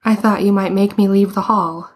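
A woman's voice: mid-range voice, fairly even intonation, normal speed, husky, close to an everyday voice. A woman reading the part of a hesitant, embarrassed teenage boy in a storybook. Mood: flustered. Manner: hesitant, flustered.

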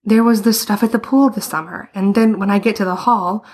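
A woman voicing an anxious, flustered young man in a story, with a rushed, pleading way of talking. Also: medium pitch, fairly even intonation, a little mellow, slightly rough, pitched above the performer's own voice, close to an everyday voice.

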